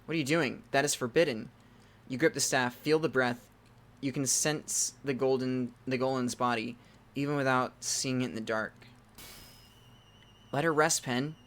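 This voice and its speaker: With game music behind him, a man narrates a text adventure aloud and periodically breaks off in loud, startled outbursts. The voice is medium-pitched and steady, moving at a moderate pace.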